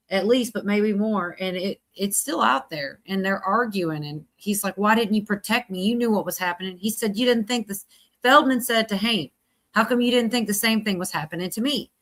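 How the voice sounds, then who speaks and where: A woman's voice: mid-range voice, a bit bright. A woman hosting a livestream, talking casually in a rambling, chatty way and laughing often. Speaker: livestream host. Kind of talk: casual chat.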